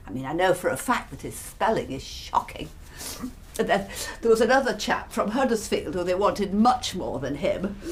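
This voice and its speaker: A woman's voice: medium pitch, a little hiss or hum, lightly acted. An actress playing a self-pitying, middle-aged English widow reading out her letter, sighing and fussy, with an English accent. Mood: aggrieved. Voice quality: melodramatic, sighing, fussy and prim.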